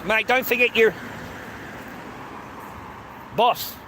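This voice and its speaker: Australian bloke with a high voice, ranting to camera, foul-mouthed and repetitive, loud traffic behind. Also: male voice, extremely slow. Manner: heavy swearing, repetitive, keeps calling listeners mate and bro. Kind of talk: ranting monologue to viewers.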